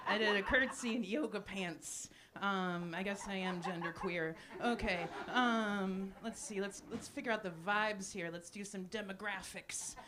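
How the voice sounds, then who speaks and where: Woman comic in her forties, live club set, deadpan self-mocking delivery, noisy room. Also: mid-range voice, a little slow, few pauses. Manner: deadpan, self-deprecating, frequent ums and laughs. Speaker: stand-up comedian. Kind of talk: live stand-up set with crowd work. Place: small cafe stage with live audience. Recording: noisy live cafe recording.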